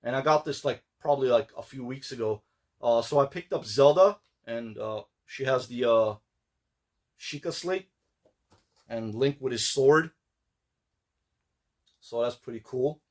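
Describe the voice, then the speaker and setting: A man's voice: medium pitch, measured pace, long pauses. A man chatting casually about his collectible pickups, rambling with many fillers and restarts. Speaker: collector vlogger.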